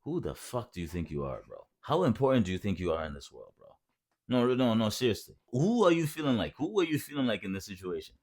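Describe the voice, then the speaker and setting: A man's voice: on the low side, very animated, quick pace, darkish tone. A man in his twenties telling his own story in a heated, profane, mocking rant.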